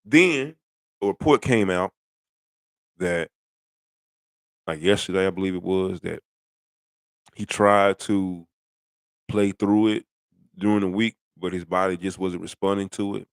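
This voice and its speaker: Middle-aged guy ranting about football, lowish voice, dry close sound, blunt and rambly. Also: unhurried, pauses often, smooth, no echo. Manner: blunt, rambling, trash-talking with rhetorical questions. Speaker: sports commentator. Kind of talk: casual sports rant.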